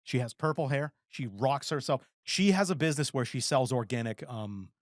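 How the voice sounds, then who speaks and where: In a casual podcast chat, a co-host in his forties rambles and tells animated stories, acting out the quotes. His voice is mid-range at a normal speed, recorded in studio quality with no room sound.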